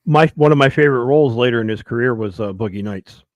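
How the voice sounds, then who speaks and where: A man's voice: mid-range voice, quick pace, no echo, lo-fi sound. Man rattling off movie trivia. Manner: swears freely, reels off film trivia. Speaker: podcast co-host. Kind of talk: casual chat.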